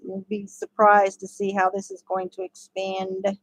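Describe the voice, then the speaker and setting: A woman's voice: mid-range voice, completely flat delivery, a little slow, no echo, poor audio. A woman giving a casual step-by-step crochet tutorial, chatty and laughing often. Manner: chatty, laughs often, talks to her dogs.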